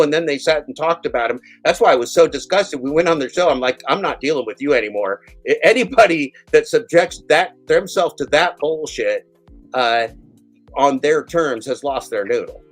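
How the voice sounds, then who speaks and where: A man's voice: medium pitch, rough recording. A man hosting a live stream, ranting heatedly and swearing, mimicking the people he criticizes. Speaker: show host.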